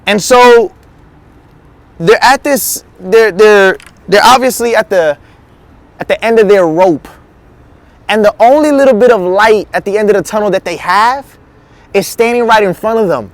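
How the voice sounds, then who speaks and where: A man's voice: sits high, measured pace, pauses often, no room sound. A male teaching pastor giving a casual, slangy sermon, acting out the quotes he tells. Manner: slangy, conversational, acts out quotes.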